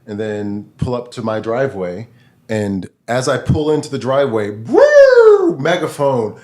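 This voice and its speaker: A man, a podcast guest, retelling a personal story in a lively, casual way. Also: lowish voice, moderate pace. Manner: animated, vivid retelling.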